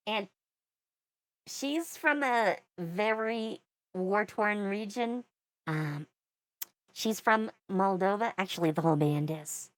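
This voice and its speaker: A woman's voice: medium pitch, slow pace, pauses often, no echo. A woman in her forties giving casual reaction commentary as a VTuber, with wry, rambling asides.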